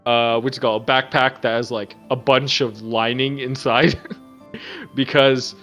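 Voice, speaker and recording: A man's voice: medium pitch, level tone, unhurried, a bit bright. Man, podcast co-host, casual rambling chat, jokey, laughs a lot, faint music behind. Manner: rambling, joking, laughs often.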